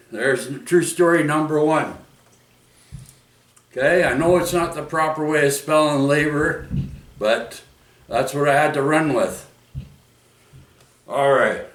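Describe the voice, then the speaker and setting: A man's voice: a little high, animated, slow pace, pauses often, a bit bright, distant mic. A middle-aged man from Vancouver, telling true stories in a rambling vlog from home, full of restarts, "oi" and "right?". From Vancouver, Canada. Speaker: vlogger. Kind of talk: rambling casual storytelling. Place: indoors at home. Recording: roomy echo, speaker away from mic.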